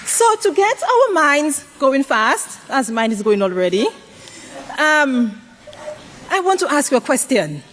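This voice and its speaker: A woman preaches to her congregation in a high, bright voice. She keeps putting questions to them and asking for answers. Her pitch rises and falls widely for emphasis. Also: sing-song, measured pace, some chatter behind, slight background noise. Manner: call-and-response questions to the congregation. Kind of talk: sermon to a congregation.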